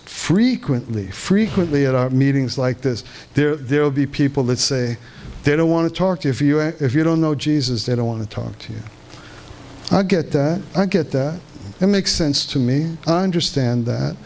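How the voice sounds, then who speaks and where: A man giving a live lecture to an audience at a conference in a hall, halting and restarting often as he asks the room questions. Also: on the high side, expressive, a little mellow, slight background noise. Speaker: conference speaker. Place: veterans hall, indoors.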